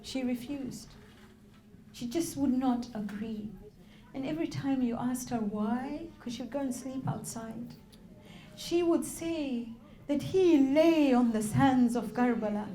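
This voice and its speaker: High-voiced woman reciting an impassioned sermon. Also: measured pace, dark tone, echoey room, slight background noise. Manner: impassioned, rising to tearful intensity. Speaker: majlis reciter. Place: religious gathering hall.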